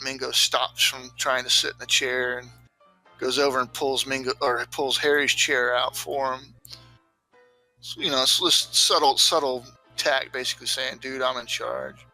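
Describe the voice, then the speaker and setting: A man's voice: mid-range voice, creaky, sharp tone. A man narrating a tabletop game as game master, loose and rambling with many fillers.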